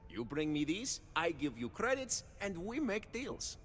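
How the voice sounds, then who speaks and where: Game trader NPC, with an odd mixed accent, fairly high and animated, formal sales patter. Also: male voice, measured pace, big-room sound. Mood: friendly. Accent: unplaceable mix from life among ships. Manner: formal, avoids contractions, salesman's charm. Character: chatty smooth-talking male space trader. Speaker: shopkeeper and trader. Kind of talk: video game dialogue.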